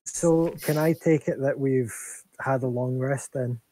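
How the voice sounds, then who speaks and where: A man's voice: medium pitch, steady tone, a little slow, mellow. A man playing in a tabletop game, chatting casually, often hesitant and restarting his sentences. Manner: hesitant, restarts, laughs easily. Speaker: player.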